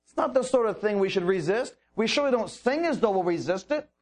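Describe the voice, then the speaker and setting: A man preaching a sermon, teaching slowly and deliberately through a Bible passage with drawn-out pauses. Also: high voice, expressive.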